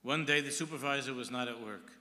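Bright-voiced rabbi preaching in a hall. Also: male voice, medium pitch, fairly quick. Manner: storytelling, quoting Hebrew texts and translating. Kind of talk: sermon. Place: large synagogue hall. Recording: long hall reverb.

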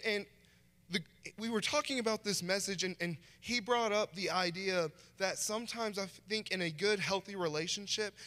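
A man's voice: high voice, fairly bright tone. A man preaching a conversational sermon as a guest pastor in a church. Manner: conversational, acts out short quoted voices. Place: church sanctuary. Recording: long church hall reverb.

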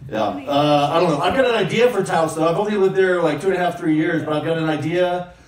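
A man's voice: fairly high pitch, animated, fast talker. Profane ranting stand-up comedian man. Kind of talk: stand-up set. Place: comedy club stage with audience. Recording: live room echo, distant mic, crowd. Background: audience laughter.

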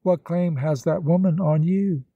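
A man reading the lines of an earnest young woman in a storybook, speaking plainly and gently. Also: fairly high pitch, fairly even intonation, measured pace, breathy edge, no room sound, phone-quality sound. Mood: hurt.

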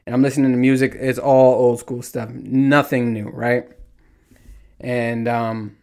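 A man in his thirties ranting casually as a solo podcast host, telling stories with lots of swearing and acting out what people said. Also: mid-range voice. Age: 30s. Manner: animated, profane storytelling with mimicked dialogue.

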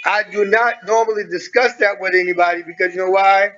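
A man's voice: high voice, flat delivery, fairly quick, hardly any pauses, pushed and bright, highs cut off. A man vlogging in a rambling, clowning way, talking straight to his viewers. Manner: clowning, playful, talks to viewers directly. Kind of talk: rambling personal vlog.

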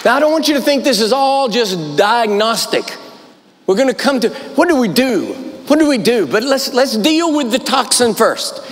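A man's voice: very high voice, very animated, normal speed, a faint crowd. A man preaching a sermon, telling the story dramatically, voicing its characters, and repeating lines for emphasis. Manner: emphatic repetition. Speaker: guest preacher. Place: large church auditorium. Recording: long hall reverb.

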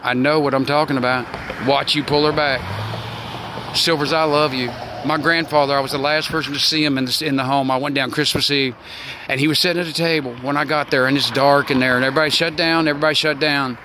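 A man in his sixties giving a rambling, preachy folksy monologue outdoors, with loud bursts. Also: fairly high pitch, steady tone, fast talker, background noise. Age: 60s. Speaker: online talk show host.

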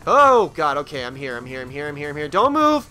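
A high, bright male voice that swings widely in pitch as he panics, curses and urges his game character on. He talks at an unhurried pace between the bursts, with faint music behind him. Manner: excitable, swears, panicky outbursts. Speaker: gaming let's play host. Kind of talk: let's play commentary.

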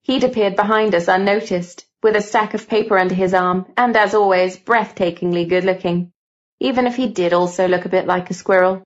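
A woman reads a first-person novel aloud in a steady, even storytelling voice of middle pitch. The audio is slightly muffled. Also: brisk. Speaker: audiobook narrator.

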